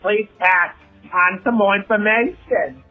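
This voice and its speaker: A man voicing an excitable male caller who walks a pet pig, talking in a shrill, exclamatory way, heard as a phone voicemail. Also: measured pace, narrow, tinny audio, faint music behind. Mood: excited.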